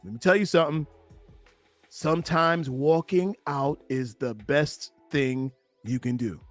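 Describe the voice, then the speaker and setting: Man, relationship coach, animated live-stream commentary, repeats phrases, higher voice. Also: a little slow, no echo, soft background music.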